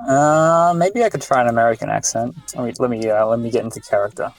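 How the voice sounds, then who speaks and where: A man's voice: mid-range voice, fast, gravelly, soft background music. A young Australian man in casual group chat, playful and joking. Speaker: chat participant.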